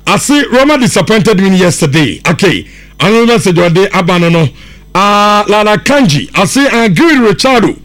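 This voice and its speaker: Sports radio host, male, high lively voice, relaxed reader of listener messages. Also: a little fast.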